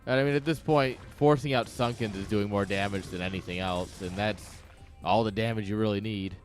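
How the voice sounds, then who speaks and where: A man's voice: fairly low pitch, steady tone, fairly quick, faint music behind. A man giving casual live commentary on a strategy game match, dry and sarcastic, rambling with lots of fillers. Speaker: esports caster.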